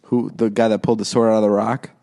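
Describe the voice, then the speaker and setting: A young man co-hosting a podcast, telling a story in casual chat, acting out quotes in a higher voice with lots of fillers and restarts. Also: level tone, fast talker, warm tone. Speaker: podcast co-host.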